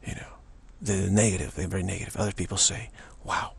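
Gravelly, very husky man telling stories. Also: deep voice, fast. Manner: animated storyteller, acts out other people's voices; repeats and restarts words often. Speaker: spiritual teacher. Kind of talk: informal spiritual talk.

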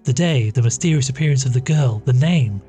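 In this podcast reading, a man narrates a classic short story in a medium-pitched voice that is even and measured, accompanied by faint background music.

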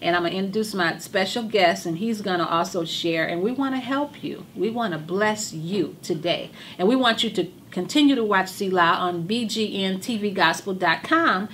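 A woman hosting a religious TV talk show, hoarse from losing her voice, speaking with fervent, repetitive emphasis. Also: mid-range voice, normal speed, hardly any pauses, a bit bright, slight background noise. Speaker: TV show host.

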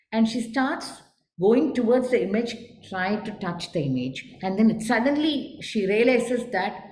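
A woman's voice: on the high side, a little mellow, slight background noise. Woman teaching dance, echoey room. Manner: explanatory, asks students questions. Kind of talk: lecture on dance interpretation. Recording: echoey room with faint ambience.

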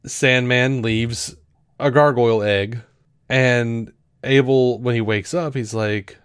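A man co-hosting a podcast, talking through a show review in a rambling, animated way with lots of fillers and restarts. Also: medium pitch, slow, clean tone, no room sound, clean studio sound. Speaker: podcast co-host. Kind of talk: casual review chat.

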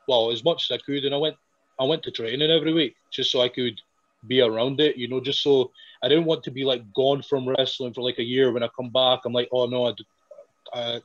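Brief: young wrestler from Scotland, hesitant storyteller, dull lo-fi sound. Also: male voice, mid-range voice, no echo. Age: young adult. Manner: halting, many fillers and restarts, laughs while telling. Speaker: wrestler guest. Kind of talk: casual interview storytelling.

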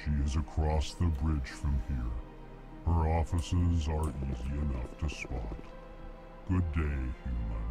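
A ponderous male alien ambassador, states each emotion before speaking in a slow, even drone. The voice sits extremely deep, with game music playing underneath. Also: exaggerated voice. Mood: courteous. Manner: slow, flat delivery. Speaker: diplomat.

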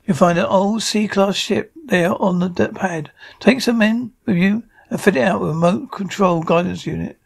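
A man's voice: high-pitched, moderate pace, gravelly, hardly any pauses. A man doing a curt space pirate boss. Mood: commanding.

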